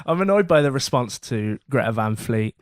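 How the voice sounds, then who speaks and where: A man's voice: mid-range voice, lively intonation, clean tone, dry recording. A man co-hosting a comedy podcast, teasing and bantering in casual chat. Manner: teasing, bantering, quick to laugh. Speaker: podcast co-host.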